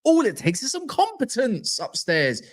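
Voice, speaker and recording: Young man, casual stream banter, lively swinging pitch, slangy and jokey. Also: moderate pace. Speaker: football fan streamer. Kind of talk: casual live stream chat.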